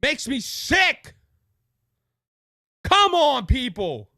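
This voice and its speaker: Man, Cajun accent, political commentary host, impassioned, raises voice, stumbling repeats, high-pitched, bright. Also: expressive, unhurried, pauses often, no room sound, clean studio sound. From Louisiana. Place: studio with a monitor.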